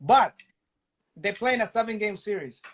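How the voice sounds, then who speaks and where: Casting: male co-host, high pitch, crude playful banter. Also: animated, moderate pace, a bit bright. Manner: joking, profane banter. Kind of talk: casual chat.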